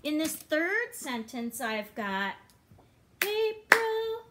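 A woman's voice: fairly high pitch, animated, normal speed, heavy background noise. A woman teaching a music lesson to young children online, encouraging and patient, often chanting and singing syllables.

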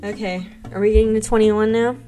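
A young adult woman with a warm, mid-range voice and fairly even intonation talks a little fast while streaming a game. Bubbly and casual, she gushes thanks to her viewers as faint music plays behind her.

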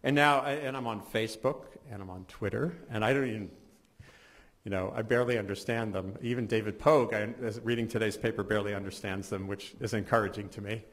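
A man's voice: fairly low pitch, fairly even intonation, fast. Conversational middle-aged man giving a talk. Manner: conversational, restarts often, wry asides. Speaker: science journalist. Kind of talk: conference talk. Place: symposium hall.

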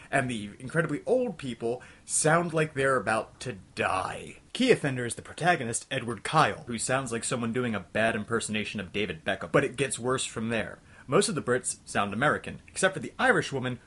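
A young man hosting a comedic game review, ranting in an exasperated, scattershot way and talking himself back to calm. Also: medium pitch, breathy edge. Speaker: host of a retro game review show.

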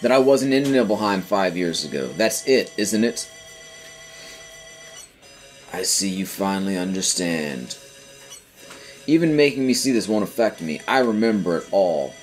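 Deep-voiced man reading game lines. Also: big pitch swings, unhurried, pauses often. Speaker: let's play host. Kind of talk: reading game dialogue aloud. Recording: faint game music behind.

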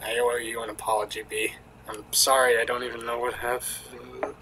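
A man's voice: mid-range voice, level tone, moderate pace, bright, forceful tone, slight background noise, pitched below the performer's own voice, natural voice, low-quality recording. A man reading the lines of an awkward, aimless young adult female cat from a game, in a mumbling, apologetic way. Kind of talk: reading game dialogue aloud.

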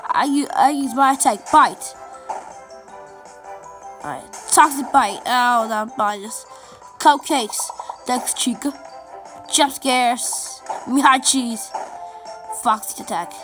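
A woman giving excitable let's play commentary over a game, chanting and repeating little phrases as she plays. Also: on the high side, takes it slowly, pauses often, faint music behind. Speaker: gameplay commentator.

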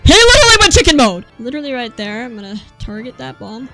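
High, lively young woman gaming. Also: fast talker. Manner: animated, yelling at the game, swings from mutters to shrieks. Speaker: gameplay streamer. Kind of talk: excited gameplay commentary. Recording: faint game music behind.

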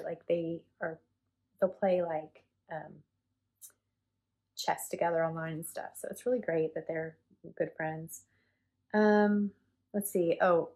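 A woman's voice: on the low side, darkish tone. A woman in her forties chatting casually to camera as a cross stitch vlogger, rambling and self-deprecating with lots of fillers.

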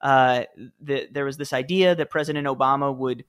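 A man's voice: medium pitch, steady tone, normal speed, a bit bright, clear, resonant tone. A man in his thirties, a podcast guest, telling stories in a chatty, easygoing way with fillers and small laughs. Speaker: podcast guest, former speechwriter. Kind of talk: casual interview storytelling.

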